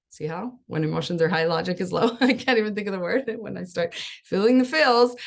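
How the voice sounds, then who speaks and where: A woman's voice: on the high side, expressive, fast talker, vocal fry, a little mellow. A woman in her thirties, a life coach, giving a casual, chatty talk to parents, laughing often and acting out what people say. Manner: chatty, laughs often, acts out quoted voices.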